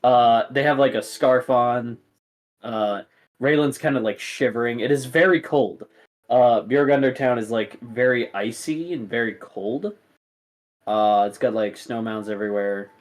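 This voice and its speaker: A man's voice: medium pitch, unhurried. A man narrating as game master, rambling with many fillers.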